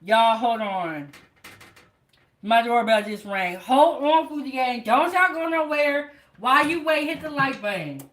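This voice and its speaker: A woman's voice: high voice, lively intonation, unhurried, a bit bright. A woman hosting a live home cooking show, chatting casually to her viewers from her kitchen. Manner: chatty, talks straight to viewers.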